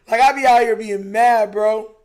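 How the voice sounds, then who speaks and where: A man's voice: high voice, a little mellow. A young man hosting a live stream, reacting to a football game in casual, frustrated, emphatic chat. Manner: frustrated, emphatic, repeats himself, says "bro" a lot.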